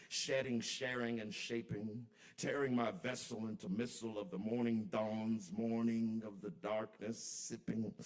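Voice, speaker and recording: At a kava bar open mic, a man with a medium-pitched voice performs spoken word poetry. His delivery is rhythmic and incantatory, moving back and forth between soft and loud.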